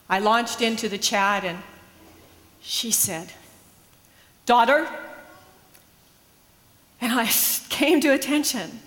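A woman pastor recounts a personal story of faith, earnest and reflective. Her voice sits a little high, and each measured phrase trails into a long, echoing hall reverb. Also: a bit bright.

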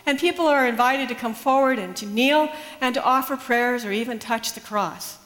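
A woman pastor recounts a personal story of faith, earnest and reflective. Her voice sits a little high, and each measured phrase trails into a long, echoing hall reverb. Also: a bit bright.

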